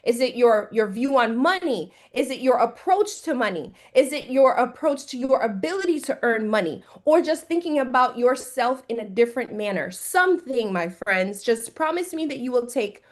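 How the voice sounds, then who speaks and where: Upbeat high-voiced woman coaching online. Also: animated, moderate pace, hardly any pauses. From Jamaica. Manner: upbeat and encouraging, greets attendees by name. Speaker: trading coach. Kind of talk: online class teaching. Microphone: video call.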